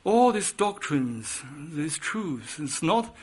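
Slow, impassioned higher-voiced male preacher. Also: sing-song, husky. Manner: impassioned, swinging between loud emphatic peaks and hushed lines. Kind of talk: sermon.

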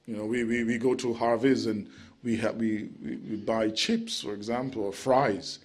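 A man preaching an expository sermon, measured and emphatic, slowing on key words and dropping into relaxed asides. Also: on the low side, husky.

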